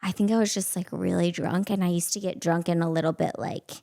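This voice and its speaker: A woman's voice: lowish voice, fairly even intonation, brisk, vocal fry, warm tone. A woman in her thirties from Texas hosting a podcast, chatting casually with frequent "like" and laughter. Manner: chatty, laughs often, lots of "like". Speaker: podcast host. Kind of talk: casual chat.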